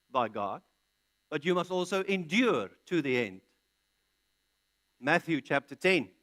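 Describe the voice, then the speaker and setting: A man's voice: a little high, a bit bright. A man preaching an expository sermon, reading scripture aloud and answering his own questions with emphatic, punched key words. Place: large church hall.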